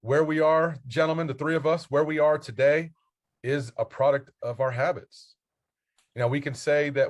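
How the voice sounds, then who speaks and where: A man's voice: on the high side, fairly even intonation, moderate pace. A man, a basketball coach and mentor, talking as a podcast guest, earnest and motivational as he spells out his acronyms.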